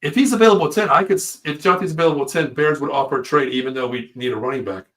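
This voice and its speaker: A man co-hosting a casual live sports talk show, an excitable storyteller who swears freely. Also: mid-range voice, quick pace. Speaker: podcast co-host.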